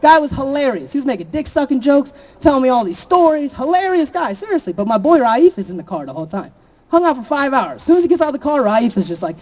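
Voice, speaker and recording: A man's voice: extremely high pitch, big pitch swings, quick pace, muffled recording. A young man from Florida doing a stand-up set, laughing at his own jokes and throwing chatty asides to the crowd. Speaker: stand-up comedian.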